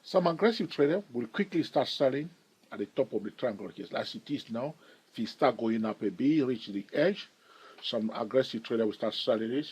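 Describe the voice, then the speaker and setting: A man's voice: mid-range voice, lively intonation, brisk, a little mellow, breathy edge, poor audio. A man hosting a stock trading channel, explaining charts and chatting jokily with viewers, checking in often with "all right?". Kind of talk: chart analysis tutorial.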